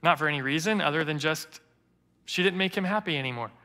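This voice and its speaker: Bright-voiced preacher in a reverberant church. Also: male voice, a little high, fast talker. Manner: earnest storytelling preacher, quotes others in lively voices. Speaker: interim lead pastor. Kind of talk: sermon. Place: church sanctuary.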